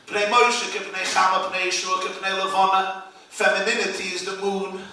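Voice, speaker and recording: A man, a rabbi, giving an animated inspirational speech with storytelling, his voice rising to loud peaks. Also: sits high, normal speed. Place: event hall. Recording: echoey hall, speaker far from the mic.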